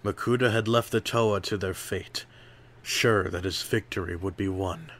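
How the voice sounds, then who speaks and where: A man reading an adventure audiobook aloud in slow, measured narration. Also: low voice, steady tone, a bit bright.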